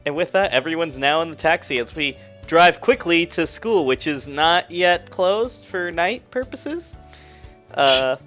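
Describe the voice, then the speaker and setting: Brief: male game master, chatty and playful, slightly high voice. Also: lively intonation, measured pace, fairly bright tone, faint music behind. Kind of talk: narrating a tabletop game.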